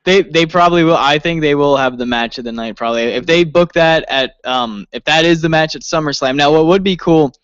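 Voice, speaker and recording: A man co-hosting a casual wrestling review, excitable, swearing often and laughing as he talks. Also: a little high, a little fast, hardly any pauses, clear, resonant tone, no room sound, highs cut off. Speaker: podcast co-host.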